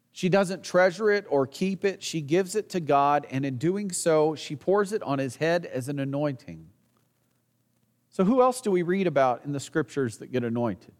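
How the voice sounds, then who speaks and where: A man's voice: on the high side, long reverb tail. A man preaching a sermon as pastor, earnest, asking the congregation rhetorical questions and sometimes restarting a phrase.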